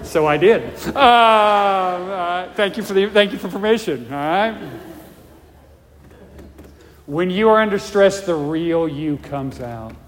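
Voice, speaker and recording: A man's voice: high voice, lively intonation, measured pace, hardly any pauses. A male pastor preaching a sermon, emphatic and repetitive, often checking in with the congregation. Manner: emphatic, repeats points, checks in with "all right?". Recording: long reverb of a large hall.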